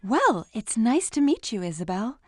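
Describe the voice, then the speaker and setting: An actress voicing a patient cartoon mother of a young boy, talking in a gentle, coaxing way. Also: fairly high pitch, very animated, moderate pace, dry recording.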